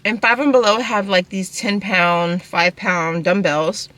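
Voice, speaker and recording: A woman's voice: mid-range voice, steady tone, a little slow, a bit bright. A young woman, chatting casually in a car while eating, rambling and talking with her mouth full. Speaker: vlogger. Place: inside a parked car.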